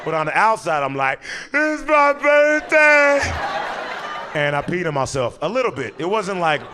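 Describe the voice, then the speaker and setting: A young man performing a stand-up comedy set on stage, telling a story with animated delivery and sudden jumps in pitch when he acts out characters. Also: fast, a crowd in the background, noisy background. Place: comedy stage before a live audience.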